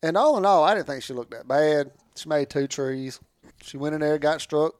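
A man's voice: on the high side, moderate pace, no room sound, studio quality. A man hosting a podcast, telling a rambling story in casual chat and laughing through it. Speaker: podcast host.

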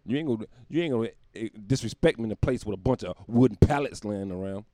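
A man putting on a pompous, hot-tempered male celebrity who talks in a loud, indignant, demanding way. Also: fairly low pitch, quick pace, dry recording, clean studio sound, natural voice.

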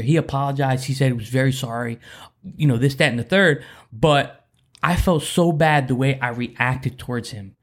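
A man sharing a candid personal story in a faith talk, earnest and rambling, with many restarts. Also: mid-range voice.

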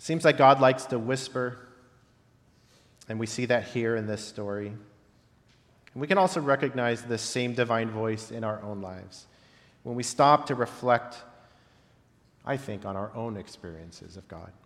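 A man preaching a reflective sermon, pausing often and letting his phrase endings fall soft. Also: mid-range voice. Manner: reflective, with long pauses and softly dropped phrase ends. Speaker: pastor. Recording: long reverb of a large hall.

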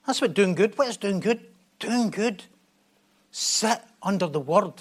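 A man's voice: high voice, expressive, measured pace, slightly rough. A man preaching a sermon in a conversational way, often laughing and joking at his own expense.

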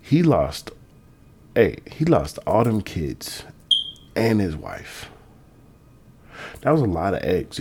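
A man talking in a loose, rambling, profane casual monologue. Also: low-pitched. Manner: rambling, profane, laid-back. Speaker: vlogger.

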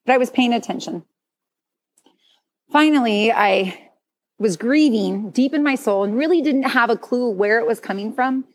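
A woman preaching in a frank, conversational way, her voice slightly high. She sounds middle-aged and speaks like a church speaker telling her own story to a congregation. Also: moderate pace, pauses often. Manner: candid, confessional, conversational. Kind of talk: sermon testimony.

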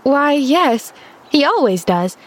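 A woman reading an audiobook, voicing a cheerful, eager and polite little girl who chatters brightly. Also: high-pitched, very animated, takes it slowly, pitched above the performer's own voice, full character voice.

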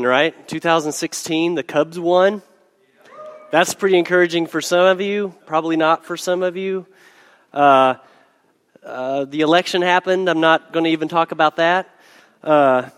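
A man preaching a sermon as pastor, hoarse from a cold, talking conversationally with fillers and restarts. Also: on the high side, a little slow, fairly bright tone, long reverb tail. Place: church hall.

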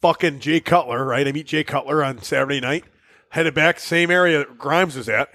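A man co-hosting a casual podcast, spinning rowdy stories with frequent laughter and swearing. His voice sits high with a gravelly edge and a bright, forceful tone. The sound is dry and close to the mic. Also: moderate pace, no echo. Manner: laughing often, swearing, animated storytelling. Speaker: podcast co-host. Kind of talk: casual storytelling chat.

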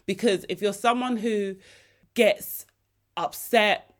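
A woman hosting her own podcast, telling stories in a lively, emotional way and laughing easily. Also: medium pitch, slow pace. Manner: animated storytelling, laughs and gets emotional easily. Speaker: podcast host. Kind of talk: casual solo podcast chat.

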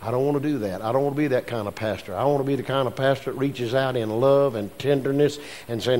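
A male pastor, preaching a sermon in a slow, emphatic way and repeating key phrases. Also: medium pitch, lively intonation.

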